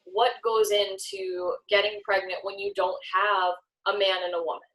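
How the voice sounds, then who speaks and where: A woman hosting a podcast, chatting casually and reassuring her guest in quick, supportive asides. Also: mid-range voice, level tone, a bit bright. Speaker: podcast host. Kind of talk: casual conversation. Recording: roomy sound from far off the mic.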